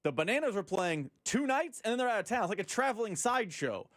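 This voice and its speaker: A sports radio co-host with a fairly high voice, recorded close and dry with no room sound. He explains his takes in a casual, opinionated way. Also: big pitch swings, fast, a bit bright, dry recording.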